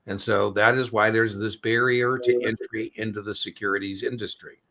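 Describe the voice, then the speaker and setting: Gravelly, bright-voiced chatty man. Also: lowish voice, fairly even intonation, moderate pace. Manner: chatty, rambling, jokey. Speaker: exam prep host. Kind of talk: casual live-stream chat.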